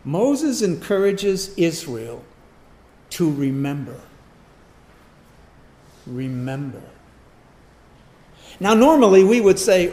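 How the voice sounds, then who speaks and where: A man's voice: high-pitched, sing-song, takes it slowly, long pauses, dark tone. A man preaching a Sunday morning sermon, asking the congregation rhetorical questions and repeating key words for emphasis. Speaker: pastor. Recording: echoey room.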